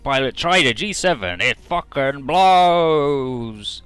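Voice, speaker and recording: A man voicing a boastful boy who runs a company, bragging quickly. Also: mid-range voice, expressive, fairly bright tone, smooth, no room sound.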